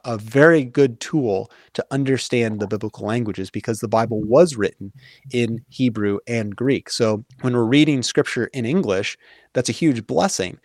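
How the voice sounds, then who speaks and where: A man's voice: mid-range voice, a little mellow, dry recording, clean studio sound. Earnest man explaining at length. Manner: earnest, thoughtful, many fillers and restarts. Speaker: guest. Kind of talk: casual conversational explaining.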